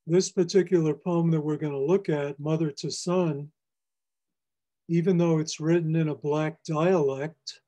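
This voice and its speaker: A poet giving a library lecture on poetry, explaining lines in a measured, teacherly way. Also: male voice, a little high, dark tone. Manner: measured, explanatory, reads lines aloud for emphasis. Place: public library presentation.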